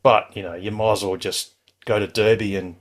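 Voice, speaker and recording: Male host, lower register, easygoing and reassuring, restarts a lot. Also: brisk. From Australia. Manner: relaxed, chatty, reassuring, many restarts. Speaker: club host. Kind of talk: casual advice on a live call-in show.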